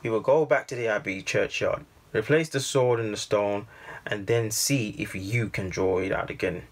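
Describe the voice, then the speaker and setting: A man voicing a stern, sorrowful older father in a storybook reading, speaking in a grave, measured way with a husky voice. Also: on the low side.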